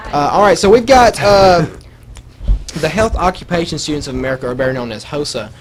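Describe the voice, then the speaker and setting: A young man with a slight Southern US accent hosting a casual school radio show, animated and laughing, with high excited bursts. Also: brisk, a little hiss or hum. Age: teens to young adult. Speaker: student radio host.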